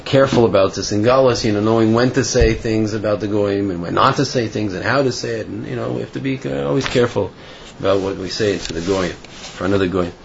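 A man's voice: medium pitch, vocal fry. A man teaching an informal Torah class, talking in a chatty storytelling way with fillers. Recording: dull lo-fi recording with faint noise.

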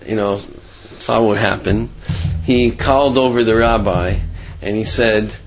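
A man tells a religious tale in a casual, rambling way and keeps circling back with "you know." His pitch sits in the middle. The recording is dull, with a faint hiss behind him. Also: unhurried, vocal fry. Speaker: storyteller.

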